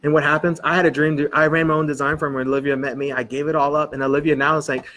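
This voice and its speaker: A man delivers a sermon in a church. He tells lively stories and quotes people in dialogue, with a voice sitting a little higher than most men's. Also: quick pace, hardly any pauses. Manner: animated storytelling, quoting people in dialogue. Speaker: pastor.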